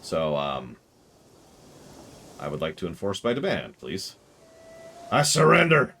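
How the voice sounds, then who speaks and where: A man's voice: rumbling low, sing-song, a little slow, slight background noise. A man streaming a strategy game with casual, joking commentary, sarcastically talking back to the characters on screen.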